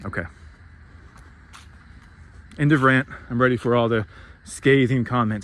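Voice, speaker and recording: A man's voice: medium pitch, fairly even intonation, unhurried, a bit bright. Heated, foul-mouthed man ranting. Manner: sarcastic, mocks others in put-on voices; swears freely, heated and emphatic. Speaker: spiritual vlogger. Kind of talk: profane spiritual rant.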